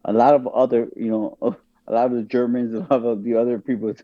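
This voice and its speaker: On a podcast, a guest with a mid-range voice, fairly quick delivery and little pitch movement argues his views emphatically in a casual, opinionated way. He leans on rhetorical questions, repeatedly saying "guess what." The audio is dry and muffled.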